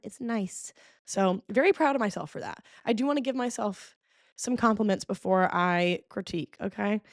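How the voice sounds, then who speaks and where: A woman hosting a podcast in casual chat, telling stories expressively, full of "okay?" and "like", with sudden jumps in pitch. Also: dry recording, clean studio sound. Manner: frequent fillers like "okay?" and "like". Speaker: podcast host.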